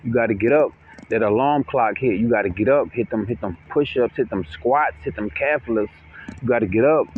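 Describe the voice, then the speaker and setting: A man giving a slangy, preachy motivational monologue, repeating himself and checking in with the listener constantly. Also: medium pitch. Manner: slangy, repeats "you know what I'm saying"; preachy, hyped, repetitive. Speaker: self-help vlogger. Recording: dull lo-fi audio with faint noise.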